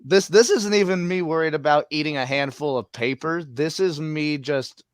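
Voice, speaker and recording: A man co-hosting a live wrestling watch-along, excitable and swearing freely. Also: a little high, normal speed, dry recording, studio quality. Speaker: podcast co-host.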